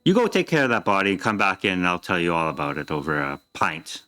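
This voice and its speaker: A man's voice: deep voice, very animated, fast talker, bright, forceful tone, pitched below the performer's own voice, heavily acted. A man voicing an evasive middle-aged innkeeper who dodges questions in a folksy drawl. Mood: wheedling.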